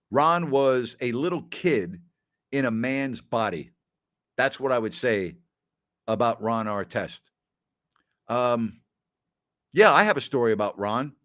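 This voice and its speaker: A man's voice: medium pitch, fairly bright tone. A middle-aged man hosting a casual question-and-answer show, chatty and given to anecdotes with quoted dialogue, often saying "absolutely". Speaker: host answering listener questions. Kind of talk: casual Q&A storytelling.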